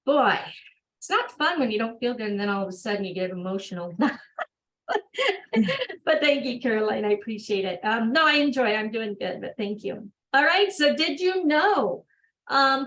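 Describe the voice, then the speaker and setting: Woman, workshop host, high voice, brisk reading of course notes, chatty upbeat asides, video call. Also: a bit bright, rough recording. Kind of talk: reading training material aloud with chatty asides.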